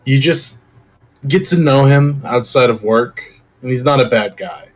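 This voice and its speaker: A man's voice: mid-range voice, measured pace, natural voice, low-quality recording. A man voicing a blunt, swearing mercenary raised from the dead, speaking in character during a tabletop game. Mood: earnest. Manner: blunt, cursing, deadpan. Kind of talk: tabletop role-play in character.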